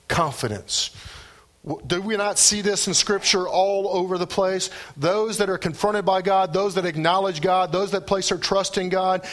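A man preaching a sermon, animated, with his voice rising and dropping for emphasis. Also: a little high. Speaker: pastor.

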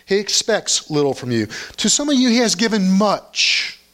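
A man's voice: high voice, sing-song, moderate pace, a bit bright. A man preaching a sermon, reading scripture aloud and stopping to comment on it with rising emphasis.

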